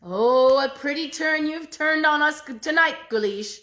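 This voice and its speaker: A woman voicing a spiteful, furious male fairy who shouts scornful curses in a storybook tale. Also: sits high, a little slow, voice pushed up.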